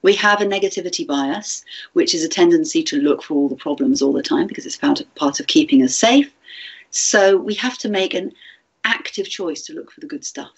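A woman giving a gentle, chatty teacher training talk, with fillers and restarts. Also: on the low side, a little fast, husky, dull audio.

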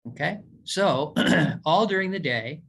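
A man speaking as a doctor in a casual recorded lecture, his voice sitting a little high for a man. He is folksy and emphatic, teasing his listeners and hammering points home through repetition. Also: expressive, a little slow, gravelly, a bit bright, slight background noise. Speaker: doctor giving a diet lecture.

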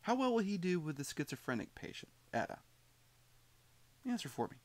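A man's voice: high-pitched, big pitch swings, brisk, no room sound. A man teaching a psychology class, talking conversationally and putting questions to his students. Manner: conversational, repeats himself, asks students questions. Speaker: psychology instructor. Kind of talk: recorded lecture commentary.

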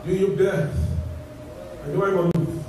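A middle-aged man preaches in a very high voice, rising to shouts and falling to murmured asides. He is picked up from afar in a church hall with heavy echo. Steady noise sits under the recording. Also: slow, far from the mic. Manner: impassioned preaching, shouting at peaks then dropping to low asides. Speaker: pastor. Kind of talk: Pentecostal sermon. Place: large church sanctuary.

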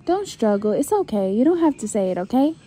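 High-voiced mom coaxing her son. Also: very animated, fairly quick, husky. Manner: gentle, coaxing, repetitive. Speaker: mother. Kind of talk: baby talk with her son. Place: hospital room.

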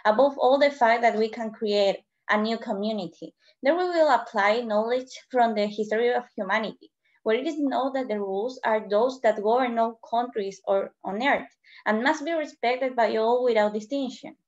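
A woman's voice: a little high, normal speed, highs cut off. A young woman, a student debater, reading a prepared formal speech over a video call. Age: teenager or young adult. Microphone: computer mic on a video call.

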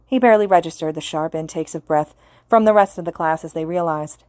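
A woman reading fan fiction aloud as an audiobook narrator, in an earnest, steady way. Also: low-pitched, a little fast, no room sound, studio quality. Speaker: podfic reader.

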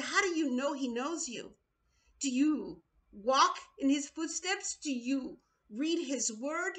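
A woman's voice: high voice, fairly bright tone. A woman preaching in a video sermon, urgent and pleading, often repeating her words.

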